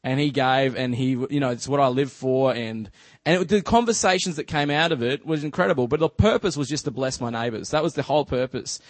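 An Australian man giving a church talk as a relaxed, chatty story, full of fillers like "just" and "you know". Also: medium pitch, fairly quick, no echo. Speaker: church speaker. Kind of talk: casual storytelling sermon.

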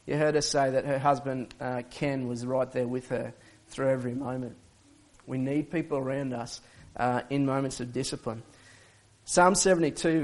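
A man's voice: mid-range voice, a little mellow. A male pastor, preaching in a conversational way and often restarting his sentences. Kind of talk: sermon.

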